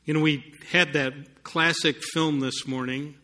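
Male preacher, slow and deliberate, slightly high and bright voice, storytelling sermon with emphatic peaks. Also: fairly even intonation. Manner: storytelling, rising to emphatic peaks, some sarcasm. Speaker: pastor.

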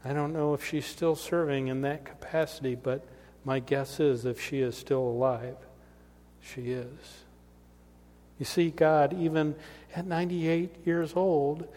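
A man's voice: fairly high pitch, dark tone. A middle-aged male pastor delivering a sermon with storytelling and emphatic rises, in a church sanctuary. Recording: long reverb of a church hall.

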